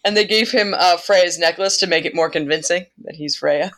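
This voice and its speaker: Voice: mid-range voice, moderate pace, a bit bright. A podcast host retells an old myth in a loose, irreverent way. The delivery is chatty, with frequent laughter and the odd swear word.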